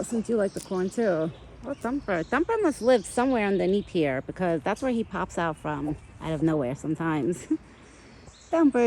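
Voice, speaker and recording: A woman's voice: mid-range voice, a little mellow, slight background noise. A woman filming herself outdoors on a phone, chatting casually and cooing at the animals she feeds. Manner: coos sweetly at animals in a raised baby-talk voice. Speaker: vlogger feeding wild animals. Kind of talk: casual chat. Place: outdoors in a yard by woods.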